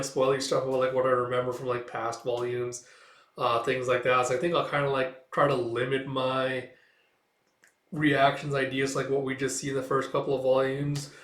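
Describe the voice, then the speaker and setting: A man's voice: mid-range voice, fairly bright tone. A man casually recapping a comic in a rambling way, full of fillers. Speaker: comic reader and reviewer. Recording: roomy echo, distant mic.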